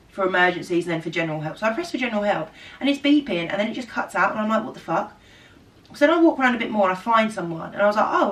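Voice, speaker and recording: A young woman tells a long storytime to camera in a chatty, animated way. She swears freely and acts out every line of dialogue. Her voice sits in a middle pitch and sounds a little distant from the mic. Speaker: vlogger. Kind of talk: casual storytime chat.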